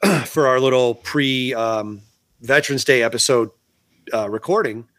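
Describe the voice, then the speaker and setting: A man's voice: medium pitch, moderate pace, fairly bright tone, no room sound. Rambling New man, dry close mic. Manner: rambling, frequent restarts, swears freely. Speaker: podcast co-host. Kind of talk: casual podcast chat.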